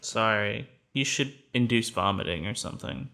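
Gravelly, wry comedy host man. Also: lowish voice, expressive, moderate pace, sharp tone. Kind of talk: improv comedy hosting.

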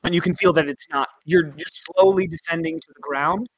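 A man narrating a tabletop game as game master, in a chatty, halting way with many fillers. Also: a little high, steady tone, dry recording, rough recording.

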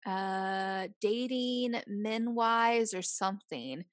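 A woman's voice: mid-range voice, drawn-out words, no echo, studio quality. A woman co-hosting a podcast, chatting casually with playful, jokey reactions. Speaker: podcast co-host. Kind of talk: casual chat.

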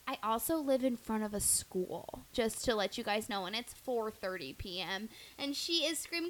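A woman's voice: on the high side, normal speed, slight background noise, rough recording. A young woman co-hosting a podcast, telling a story expressively, swearing and acting out what people said. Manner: expressive, profane, acting out quotes. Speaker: podcast co-host. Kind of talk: casual storytelling chat.

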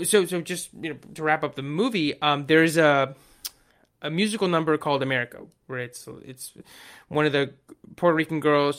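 Podcast co-host, male, bright and forceful tone, rambling and excitable. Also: a little high, smooth. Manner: rambling, excitable, lots of fillers and restarts. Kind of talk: casual chat.

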